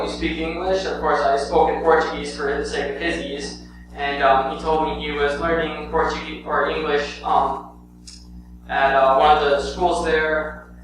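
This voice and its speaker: A young man presenting his church mission trip in a rambling, casual way, full of "um" and "anyway". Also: fairly high pitch. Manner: rambling, with many "um" and "anyway" fillers. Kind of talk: casual spoken report to a congregation. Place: church sanctuary. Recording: very echoey church hall, heard from a distance, with a clear hum.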